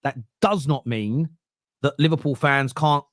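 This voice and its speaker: A man's voice: on the high side, measured pace, no room sound, clean studio sound. A man on a football podcast panel, arguing earnestly and emphatically, often restarting his sentences. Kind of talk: casual football debate.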